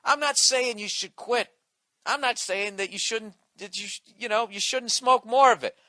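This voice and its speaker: Brief: male comedian ranting hard and swearing, sharp bright tone, dry close sound. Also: very high-pitched, moderate pace, no room sound. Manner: profane, combative ranting. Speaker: comedian podcast host. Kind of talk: comedic rant.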